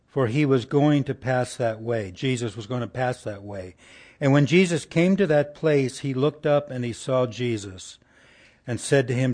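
At a moderate pace and medium pitch, a man gives a folksy sermon in a conversational style. He poses rhetorical questions to listeners and softens to a hushed tone for the tender passages.

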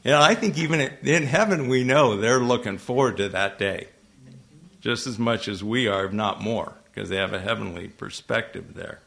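A man preaching to a congregation, talking to them conversationally and asking them questions, with sudden loud emphasis and frequent self-corrections. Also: on the low side, moderate pace, vocal fry. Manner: restarts and self-corrections when tongue-tied. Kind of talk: sermon. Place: church hall with a congregation.

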